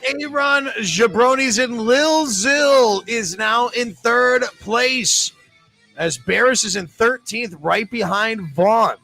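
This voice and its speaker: A man's voice: sits high, creaky, pushed and bright. A man with a New England accent hosting bar trivia, joking and chatty as he reads questions and scores. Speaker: trivia host.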